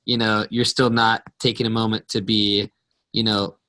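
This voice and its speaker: A man co-hosting a casual video-call Q&A as a relationship coach, talking in an animated, emotional way. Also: lowish voice, moderate pace. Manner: animated, emotional retelling with rising intensity. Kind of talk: casual conversational Q&A.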